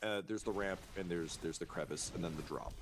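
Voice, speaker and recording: A man runs a tabletop game and describes the scene haltingly, with many fillers. His voice is fairly low. Clear noise and clicks sound behind him. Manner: hesitant, filler-heavy description. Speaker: game master.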